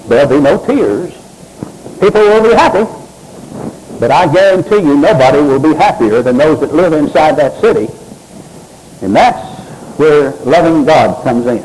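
A man's voice: a little high, expressive, moderate pace, long pauses, a little mellow, slight background noise, rough recording. A man preaching a sermon in a church, reading scripture aloud and calling on members of the congregation by name. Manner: preaching with swooping emphasis, addresses congregants by name. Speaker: pastor.

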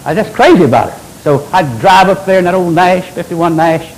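An older man preaching a sermon as pastor, with animated delivery and folksy asides. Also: high-pitched, a little fast, a little hiss or hum, poor audio.

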